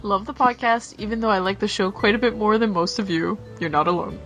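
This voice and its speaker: A woman's voice: medium pitch, a little fast, fairly bright tone, faint music behind. A woman co-hosting a podcast, chatting casually and reading listener mail aloud. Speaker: podcast co-host.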